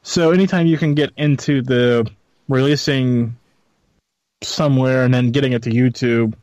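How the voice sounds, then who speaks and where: A man's voice: medium pitch, fairly even intonation, moderate pace, darkish tone, dry recording, dull audio. A man speaking as a guest on a radio roundtable, thoughtful and hesitant, often restarting his sentences. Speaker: fellow radio host, panel guest. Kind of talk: roundtable discussion.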